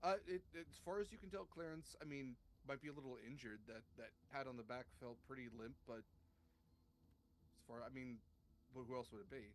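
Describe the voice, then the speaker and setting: A man's voice: medium pitch, moderate pace, a little hiss or hum. A man narrating and making rulings as game master of a tabletop game, in an easygoing way.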